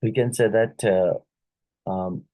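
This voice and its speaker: Teacher, male, Indian English accent; slow lecture delivery with repeated terms and fillers, dry recording. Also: lowish voice, fairly even intonation, warm tone, dry recording, low-quality recording. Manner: slow, repeats key words, many fillers. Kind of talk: exam question-and-answer lecture.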